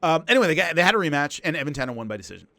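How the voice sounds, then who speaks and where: Man, combat sports analyst, lively swooping delivery, slightly high voice, dry close sound. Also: racing, dry recording. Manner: animated, emphatic storytelling with frequent restarts. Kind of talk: casual analytical commentary.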